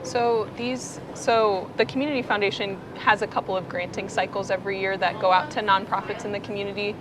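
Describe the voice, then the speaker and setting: A woman guest on a talk show, explaining her work in a relaxed way with frequent fillers. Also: medium pitch, fairly quick. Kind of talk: casual chat. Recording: clear background noise.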